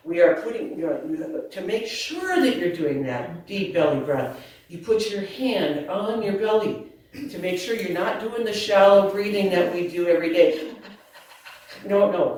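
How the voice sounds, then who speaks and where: A woman leads a group through a laughter yoga talk, playful and quick to laugh. Her voice reaches the mic from a distance and rings around a very echoey community hall. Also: fairly low pitch. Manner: lively and laughing, playful asides.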